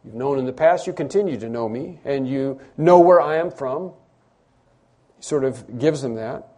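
A man preaching a sermon as pastor, emphatic, repeating phrases and rising to loud stresses. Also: mid-range voice, normal speed.

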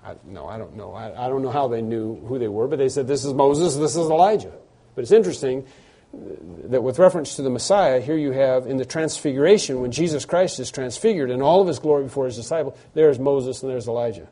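A pastor delivers an expository sermon, reading scripture aloud and explaining it with earnest emphasis. His voice is medium-pitched, warm, expressive and slightly rough, and he talks fast, with frequent hesitant restarts and asides.

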